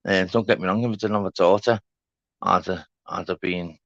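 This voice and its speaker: A man, hosting a casual live chat with viewers. He shouts out greetings, then drops into quiet, sombre talk. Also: sits low, steady tone, fairly quick, gravelly, no echo, lo-fi sound. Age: 30s. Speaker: livestream host.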